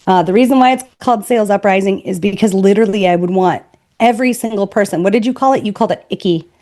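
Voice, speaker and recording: A woman's voice: mid-range voice, fast talker, dark tone. Woman, podcast guest, sales trainer, blunt, emphatic, spirited. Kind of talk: podcast interview.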